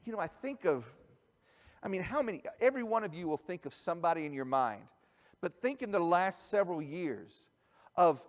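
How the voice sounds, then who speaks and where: A high-pitched man preaching in a church, talking in a loose, conversational way that drops soft and then rises hard for emphasis. His voice rings out with a long hall reverb around it. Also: animated, moderate pace. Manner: conversational, swings from soft asides to shouted emphasis. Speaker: pastor. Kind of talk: sermon. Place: church sanctuary.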